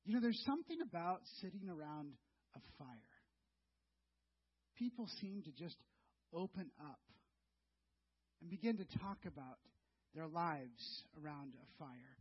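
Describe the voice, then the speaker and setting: A man's voice: fairly high pitch, expressive, a little slow, pauses often, breathy edge. A middle-aged male pastor preaching a sermon, telling a story in a conversational way and speaking to the listeners as "you". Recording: dull lo-fi sound.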